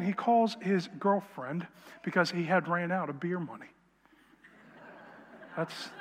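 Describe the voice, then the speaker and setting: Man preaching in a reverberant hall. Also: sits high. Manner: animated storyteller, drops to quiet intensity. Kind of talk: sermon testimony storytelling.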